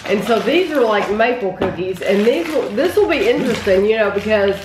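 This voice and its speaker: A woman's voice: medium pitch, animated, brisk. Chatty woman host in a food-tasting video, talking to viewers; roomy indoor sound, faint hiss. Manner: chatty, addresses viewers directly. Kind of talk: casual food tasting chat. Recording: roomy with faint background noise.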